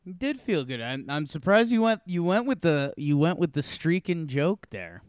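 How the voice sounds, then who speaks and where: A man co-hosting a casual podcast over a remote call, talking basketball in a relaxed, hesitant way. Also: a little high, moderate pace, clear, resonant tone, no room sound, studio quality. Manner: relaxed, hesitant, with many fillers. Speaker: podcast co-host.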